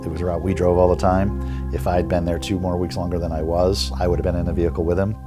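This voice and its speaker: A man who is a military veteran, speaking calmly and firmly in a documentary interview. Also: low-pitched, fast, music in the background.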